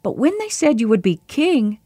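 A woman's voice: fairly high pitch, sing-song, moderate pace, mellow, slightly rough, dry recording, clean studio sound, voice pushed up. A woman voicing a restless, uneasy nobleman in a storybook reading, murmuring in a raised voice.

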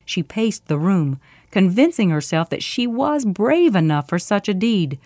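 A woman narrating a storybook in a clear, steady reading voice. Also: medium pitch, unhurried, dry recording, studio quality.

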